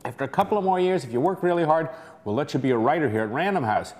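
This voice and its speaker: A man's voice: fairly high pitch, animated, racing, pitched above the performer's own voice, lightly acted. A man putting on a condescending woman who heads hiring at a company, dismissive and patronizing. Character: condescending woman office manager, head of hiring.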